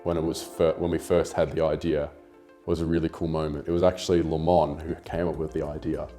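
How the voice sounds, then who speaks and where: Aussie young guy chatting loose in an interview, low mellow voice, faint music behind. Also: a little fast. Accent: Australian. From Australia. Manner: relaxed, rambling, with filler "like" and swearing. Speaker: photographer and YouTuber being interviewed. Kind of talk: casual interview talk. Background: faint background music.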